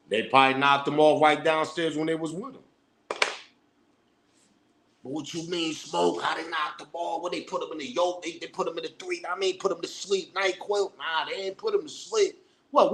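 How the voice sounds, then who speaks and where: A man, riffing through hip-hop news commentary. He talks in a loose, animated, rambling way, full of profane street slang, and he keeps acting out what people would say. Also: on the high side. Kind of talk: casual commentary.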